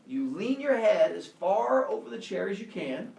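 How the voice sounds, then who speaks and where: Man doing a cheery male smith god, matter-of-fact and eager, slight gravel, distant echoey classroom. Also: sits high, big pitch swings, normal speed, a little mellow, a little hiss or hum, voice pushed up, exaggerated voice. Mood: chipper. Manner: chipper, matter-of-fact, overeager.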